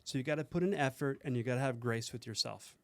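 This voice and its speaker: A man's voice: medium pitch, fast, no room sound. A man guesting on a podcast, talking earnestly and coaching with rhetorical questions. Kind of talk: casual podcast chat.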